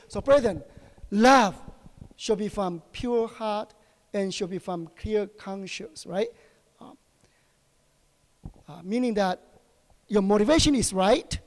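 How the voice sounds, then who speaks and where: High-voiced preacher in a reverberant hall. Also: male voice, animated. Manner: asks the congregation short questions, halting with many fillers. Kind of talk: sermon.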